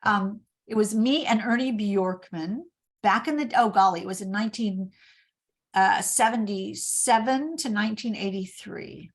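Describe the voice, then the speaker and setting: A woman's voice: medium pitch, measured pace. An older woman from Indiana, speaking as an author guest in an interview. She tells her stories with energy and plays out the quoted dialogue herself. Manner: animated storyteller, acts out quoted dialogue. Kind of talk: storytelling interview.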